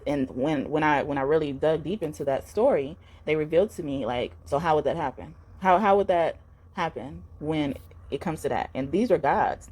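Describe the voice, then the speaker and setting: A woman's voice: deep voice, darkish tone. A woman giving a spiritual tarot reading to camera, rambling and earnest, with many fillers and restarts. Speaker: tarot reader.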